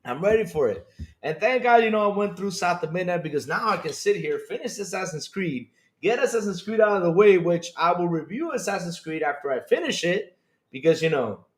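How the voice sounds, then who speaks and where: Talking with enthusiasm to his audience, a man hosts a gaming livestream, going through the chat while laughing often and repeating lines. His voice falls in the middle range.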